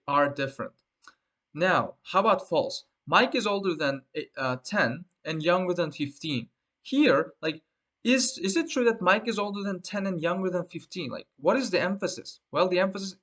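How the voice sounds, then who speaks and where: A man's voice: on the high side, fairly bright tone. A man teaching a lesson, explaining at length with many fillers and a tag question after most points. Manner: rambling, with frequent fillers and repeated "right?".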